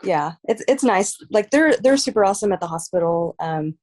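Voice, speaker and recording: A woman from Texas, a fighter, talking casually as a podcast guest, soft-spoken with many "like" and "um" fillers. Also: medium pitch, animated, brisk. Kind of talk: casual interview chat.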